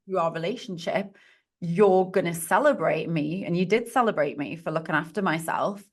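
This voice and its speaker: A woman's voice: on the low side, normal speed. A woman speaking as a podcast guest and positive psychologist, talking in an earnest, encouraging coaching tone. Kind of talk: podcast conversation.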